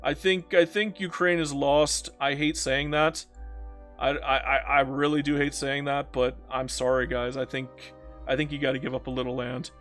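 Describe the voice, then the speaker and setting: Reading his viewers' comments aloud, a strategy game streamer from Canada replies in a blunt, rambling way, his mood swinging from animated to subdued. He speaks at medium pitch and a moderate pace over soft background music.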